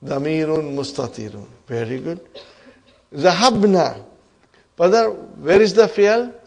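A man leads a grammar lesson in a classroom, speaking at a slow, deliberate pace in a slightly raised voice. He keeps turning to the students with quick questions and checks that they are following. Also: on the high side, creaky. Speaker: Arabic teacher.

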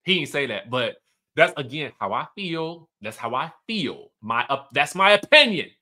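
A man's voice: mid-range voice, very animated, moderate pace, pushed and bright. A man hosting casual reality TV recap commentary, chatty and emphatic. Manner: chatty, emphatic, keeps asking "okay?".

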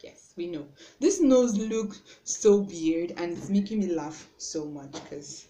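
A young woman with a Nigerian accent chatting through a makeup tutorial at home, self-conscious and often trailing off softly. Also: lowish voice, lively intonation, takes it slowly. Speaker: beauty vlogger. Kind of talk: casual makeup tutorial chat. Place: room at home. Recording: roomy with faint background noise.

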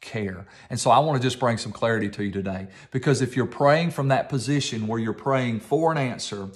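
Male pastor, mid-pitched voice, emphatic sermon delivery with repetition. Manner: emphatic preaching with repetition and slowed stress.

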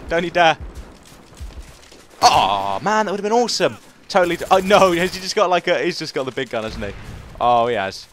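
Young male gamer, quick and animated, self-mocking commentary over faint game noise. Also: mid-range voice. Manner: excitable, self-mocking, repeats phrases, yelps when killed. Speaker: gaming commentator. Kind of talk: live gameplay commentary.

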